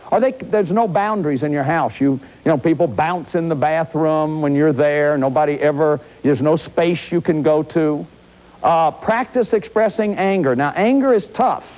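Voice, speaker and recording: A high, lively male voice belongs to a therapist and lecturer in his fifties giving a self-help lecture. He is animated, acts out examples and often restarts his sentences. The recording is dull and lo-fi.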